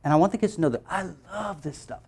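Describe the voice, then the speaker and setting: A woman presenting a phonics teaching workshop, playful and animated, acting out letter sounds and laughing as she goes. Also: fairly low pitch, quick pace, slightly rough.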